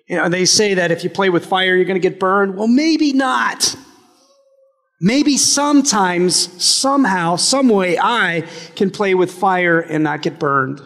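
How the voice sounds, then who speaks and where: A man's voice: high voice, fairly bright tone, in a large hall. A male pastor preaching a conversational, humorous sermon with frequent restarts. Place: church sanctuary.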